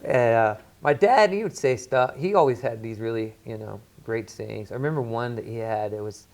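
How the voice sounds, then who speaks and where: A man's voice: medium pitch, moderate pace, a little mellow. A man from the Washington, D.C. area, a guest on a talk show, telling stories in a casual, joking, rambling way with lots of fillers. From Washington, D.C. area, USA. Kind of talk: casual storytelling chat.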